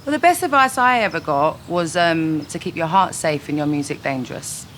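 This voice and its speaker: A woman, a singer giving frank, dry quick-fire answers in a casual interview at home. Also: sits low, lively intonation, a bit bright, a little hiss or hum. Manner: frank, dry, laughs easily. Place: her home.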